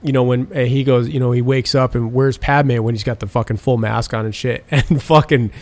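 A man's voice: mid-range voice, steady tone, fairly quick, darkish tone, no echo. A man in casual chat, animatedly retelling film scenes with lots of swearing and filler. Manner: profane, rambling storytelling.

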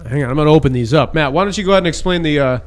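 A man's voice: on the high side, very fast, a little hiss or hum. A man co-hosting a podcast from a hotel room, making crude jokes and swearing freely in casual chat. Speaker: podcast co-host.

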